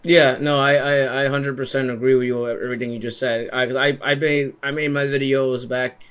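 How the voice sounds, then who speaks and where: Young guy chatting casually, keeps repeating himself, plain middle pitch. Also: little pitch movement, a little fast, a bit bright, clean tone. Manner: repeats words, many restarts. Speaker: interviewer. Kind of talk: casual conversation.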